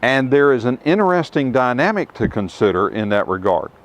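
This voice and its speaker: Middle-aged guy teaching a bible lesson to a tour group outside, emphatic, asks questions then pauses. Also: mid-range voice, sing-song. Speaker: tour guide teaching scripture. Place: outdoors at ruins.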